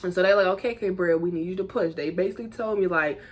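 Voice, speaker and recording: A young woman tells a personal story straight to her viewers. Her delivery is casual and animated, full of fillers and asides to the audience. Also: fairly low pitch, fast. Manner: chatty, animated, lots of "like" and "y'all". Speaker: vlogger.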